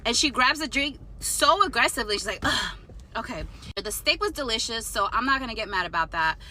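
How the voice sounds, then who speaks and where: A young adult woman telling a storytime story in an animated, indignant way, swearing now and then. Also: on the high side, fast, slight background noise. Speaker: storytime vlogger. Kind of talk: casual storytelling.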